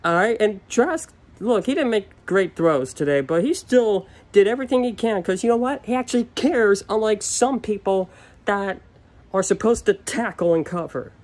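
A young man in a solo rant, upset and frustrated, his voice sitting a little high. He repeats himself and swears as he vents. The talk is off the cuff, a casual video to the camera. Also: animated, normal speed, darkish tone. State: upset and furious. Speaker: sports fan ranting on video.

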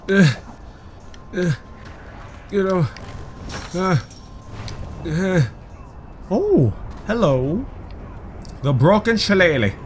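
A man doing excitable let's play commentary, rambling and swearing often. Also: sits high, a little hiss or hum. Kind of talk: gameplay commentary.

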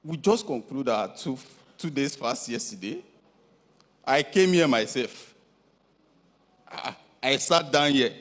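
An actor playing a heartbroken young man, who complains loudly and keeps repeating himself. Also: medium pitch, expressive, slow, long pauses, big-room sound. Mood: anxious. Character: heartbroken young man, dumped, blustering and indignant.

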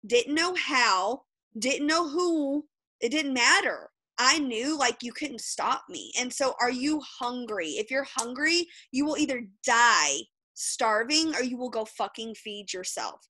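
Fired-up high bright-voiced woman. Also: expressive, unhurried, no echo, poor audio. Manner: blunt and fired up, swears freely. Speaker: guest speaker. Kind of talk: motivational pep talk on a video call.

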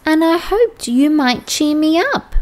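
Storybook okapi: young, female, soft and tearful, voice lifted high, read by a woman. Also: lively intonation, measured pace. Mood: upset.

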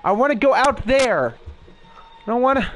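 This scared let's-play features a young man with a very high-pitched, expressive voice and a fairly bright tone, speaking at normal speed. He swears, startles easily and chats to his audience while the horror game unfolds. The recording sounds dull.

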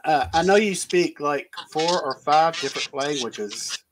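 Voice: mid-range voice, measured pace, noisy background. A host in casual interview chat, asking long, friendly questions over a video call.

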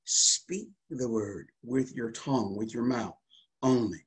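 Male pastor, husky voice, fervent call-and-response sermon delivery. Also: mid-range voice, expressive, measured pace.

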